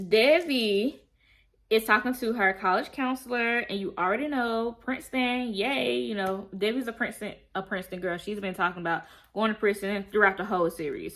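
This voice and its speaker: Chatty woman recapping a show. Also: mid-range voice. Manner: chatty, animated, slangy storytelling. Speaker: TV show reviewer. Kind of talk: casual episode recap.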